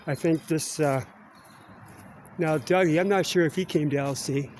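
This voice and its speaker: Slightly high and somewhat dark in tone, this middle-aged Canadian vlogger speaks at a moderate pace during a casual walk-and-talk around school grounds. He drifts chattily between topics and closes phrases with "eh?", over a bit of hiss or hum.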